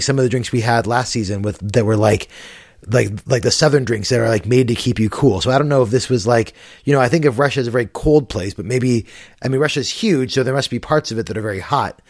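An easygoing man co-hosts a podcast over a remote call, hesitating and padding his talk with fillers. The sound is dry and close, and his pitch sits in the middle. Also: no room sound. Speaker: podcast co-host. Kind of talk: casual chat.

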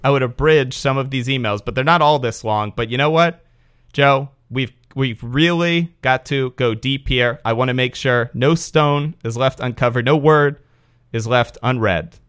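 A man's voice: mid-range voice, normal speed, fairly bright tone, smooth. Podcast host, male; dry, joking reading of fan mail. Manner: sardonic, joking. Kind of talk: reading a listener email aloud.

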